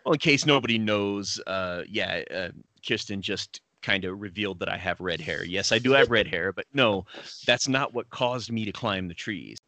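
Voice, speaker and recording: Guy cohosting, bright tense-ish tone, wry deadpan humor. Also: lowish voice, moderate pace, dry recording. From England. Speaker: podcast co-host. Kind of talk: casual chat.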